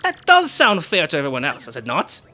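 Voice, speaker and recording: Brief: man doing a vain, grandiose rich captain, lively swooping higher voice, bright tone, faint game music behind. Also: a little fast, heavily acted. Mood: bossy. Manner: grandiose, theatrical, self-admiring. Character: pompous boastful rich male sailor-merchant. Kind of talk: reading game dialogue aloud.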